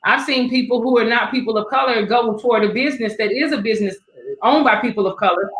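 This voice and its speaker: A woman hosting a casual panel, her voice a little higher than most, echoing around the room she sits in. She tells her stories with lively acted-out quotes. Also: fast talker, a little hiss or hum. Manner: storytelling that acts out quoted voices. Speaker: panel host.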